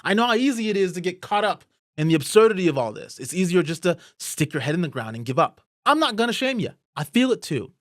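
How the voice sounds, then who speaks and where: A fired-up man hosting a political rant, his fairly high voice leaping up and down as his anger builds. He swears freely and pushes hard on every point. The recording is dry and close, with no room sound. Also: big pitch swings, fast talker, dry recording. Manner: heated, swearing, rising to angry outbursts. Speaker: political commentary host. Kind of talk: impassioned political monologue.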